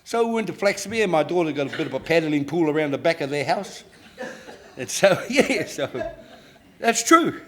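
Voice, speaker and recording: A man in his sixties with a New Zealand accent, giving a humorous, animated keynote speech full of stories and laughter. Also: a little high, moderate pace, slight background noise. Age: 60s. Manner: animated, joking, laughs often. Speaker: keynote speaker.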